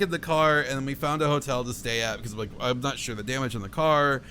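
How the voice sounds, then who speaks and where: A young man telling a road-trip story on a podcast, swearing a lot and acting out his own shouts. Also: medium pitch, quick pace, few pauses, a little hiss or hum. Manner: profane, animated, acts out his own shouts. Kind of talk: casual storytelling chat.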